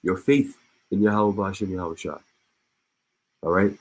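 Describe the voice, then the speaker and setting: Husky man, low voice. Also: steady tone, a little slow, rough recording. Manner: reads news aloud and breaks off with laughs and asides; repeats and restarts words. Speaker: online commentator. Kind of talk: casual reading and commentary.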